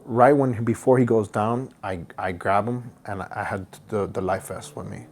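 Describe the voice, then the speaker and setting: Excitable storytelling man. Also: fairly low pitch, moderate pace, a little hiss or hum. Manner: excitable, acts out others' voices, many restarts. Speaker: podcast guest, boating content creator. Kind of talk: animated storytelling in casual interview. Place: podcast studio.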